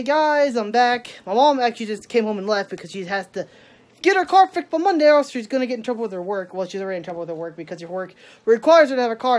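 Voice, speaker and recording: A woman's voice: medium pitch, a little mellow, no room sound. Chatty woman vlogging outdoors. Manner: rambling, chatty, talks to her dog while walking. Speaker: daily vlogger. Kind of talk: casual vlog chat. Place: outdoors in the countryside.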